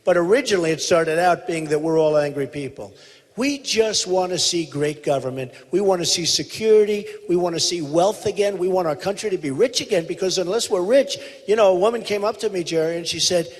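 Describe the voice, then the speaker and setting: A man's voice: high-pitched, fairly quick. A man giving a rally speech as a presidential candidate, talking emphatically, repeating himself and boasting. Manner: emphatic, repetitive, boastful, quotes others in a mimicking voice. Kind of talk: rally speech in conversation onstage. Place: large theater hall. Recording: reverberant theater hall.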